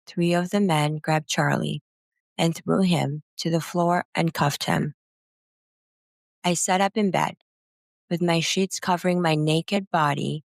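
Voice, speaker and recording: Slow low-voiced woman reading a memoir. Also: vocal fry, no echo, studio quality. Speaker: narrator. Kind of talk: first-person memoir narration.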